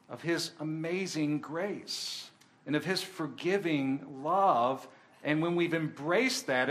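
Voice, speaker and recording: A man preaching a sermon in an earnest voice, his pitch and force climbing on the points he stresses. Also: fairly bright tone. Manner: earnest, rising in intensity on key points.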